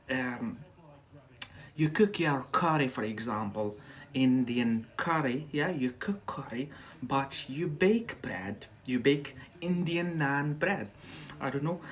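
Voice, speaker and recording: Slow-talking Scottish man teaching English. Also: medium pitch. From Scotland. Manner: chatty, repeats words slowly for learners. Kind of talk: livestreamed English lesson.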